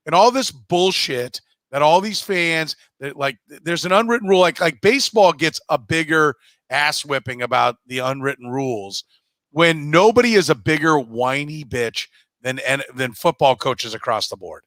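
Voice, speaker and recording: A man's voice: on the high side, big pitch swings, moderate pace, fairly bright tone, no echo. A man co-hosting a casual sports podcast, blunt and profane, mocking others in put-on voices. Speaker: podcast co-host.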